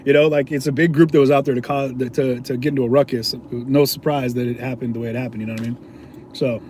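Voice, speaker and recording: A man's voice: medium pitch, steady tone, fast talker, darkish tone, a little hiss or hum. A man, an independent video journalist, casually telling a story to his viewers in a slangy, laid-back way, chuckling often.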